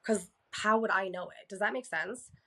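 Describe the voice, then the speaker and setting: A woman's voice: mid-range voice, normal speed, sharp tone. A woman from Canada, a therapist and podcast guest, talking candidly in casual conversation, swearing freely and acting out exchanges with her clients.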